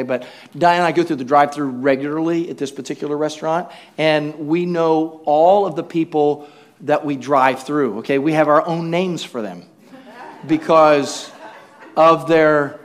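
Preaching in an unusually high, bright voice, a man tells lively, humorous stories and slips into quick impressions of the people he describes. His storytelling is animated, and he keeps turning to the congregation for an amen.

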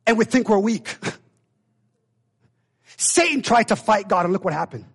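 Husky high-voiced impassioned male preacher. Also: lively intonation, slow pace. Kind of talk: sermon.

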